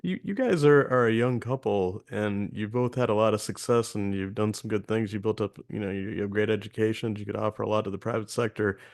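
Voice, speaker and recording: Male host, low voice, conversational, restarts his questions. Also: a little fast, vocal fry, hardly any pauses, a little mellow. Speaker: interview host. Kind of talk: interview questions.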